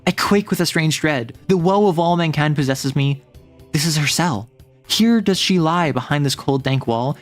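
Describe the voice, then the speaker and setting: A streamer reading a play aloud on a livestream, breaking off for casual, amused asides. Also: medium pitch.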